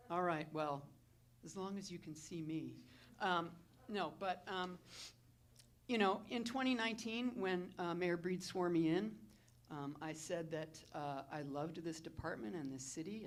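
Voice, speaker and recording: A woman's voice: lowish voice, a little slow. Fire chief thanking her colleagues, lots of ums. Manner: informal, many fillers, warm thanks. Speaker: fire chief giving retirement speech. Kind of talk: emotional public speech. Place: indoor event with audience.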